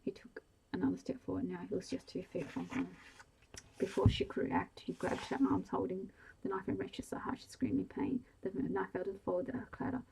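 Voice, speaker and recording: A woman whispering a bedtime story in a soft, hushed and even way, in a whispered role-play style. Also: medium pitch, fairly quick, gravelly, poor audio. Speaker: audiobook reader.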